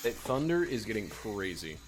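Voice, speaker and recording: A man's voice: lowish voice, big pitch swings, moderate pace, background noise. A young man from Missouri chatting casually with his livestream audience, self-mocking and talking straight to chat.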